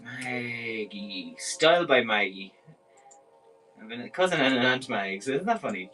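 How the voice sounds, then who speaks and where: Bright-voiced Irish man selling clothes live. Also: medium pitch, animated, unhurried, faint music behind, rough recording. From Ireland. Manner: chatty, enthusiastic, rambling. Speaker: live-stream clothing seller. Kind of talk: casual live sales patter.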